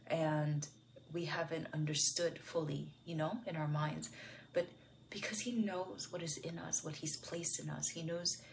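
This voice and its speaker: A woman with a deep, low voice talks through a Bible passage in a personal reflection. She speaks softly and thoughtfully, full of little fillers, and now and then lets her voice fall to a whisper. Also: steady tone, unhurried, gravelly, a little hiss or hum. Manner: soft-spoken, musing, with frequent fillers; sometimes drops to a whisper. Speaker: devotional video host.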